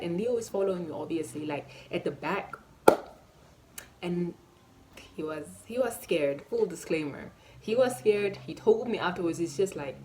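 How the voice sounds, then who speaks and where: A woman, telling a storytime vlog story in an animated, emphatic way and acting out the dialogue. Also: mid-range voice, moderate pace, a little hiss or hum. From Namibia. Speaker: vlogger.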